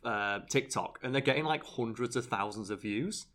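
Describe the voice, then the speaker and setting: A man's voice: medium pitch, moderate pace. A British man hosting a casual podcast chat, telling stories animatedly. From Britain. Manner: animated storyteller, acts out voices loudly. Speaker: channel host.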